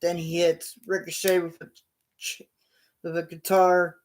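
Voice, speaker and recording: A man hosting his own show, narrating imagined wrestling action in a casual play-by-play, punctuated with loud sound-effect bursts. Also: a little high, flat delivery, measured pace, slight background noise. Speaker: show host.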